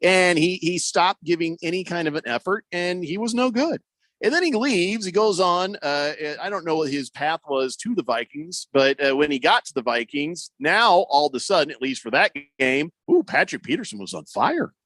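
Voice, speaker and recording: A man's voice: a little high, moderate pace, a bit bright, no echo. A man hosting a sports talk radio show, rambling and joking as he reads listener texts aloud. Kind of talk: casual call-in talk radio. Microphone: studio microphone.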